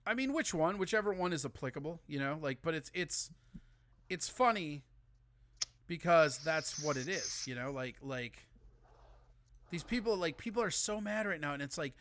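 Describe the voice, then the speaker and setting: A man's voice: on the high side, animated, moderate pace, a bit bright, no room sound. A man from Minnesota hosting a live call-in show, rambling and swearing freely in casual chat. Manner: rambling, profane, ranting.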